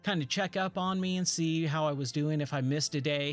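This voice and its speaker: A man's voice: fairly high pitch, brisk, faint music behind. A man in his thirties chatting casually while gaming, rambling through a story with lots of fillers. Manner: rambling, relaxed, lots of "like" and "you know". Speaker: gaming streamer.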